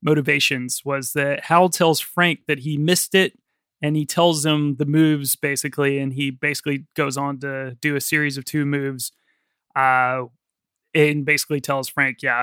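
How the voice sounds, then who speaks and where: Higher-voiced man hosting a film podcast. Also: sharp tone, smooth, dry recording, studio quality. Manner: chatty, laughs often, swears casually. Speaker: podcast host. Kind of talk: casual film podcast chat.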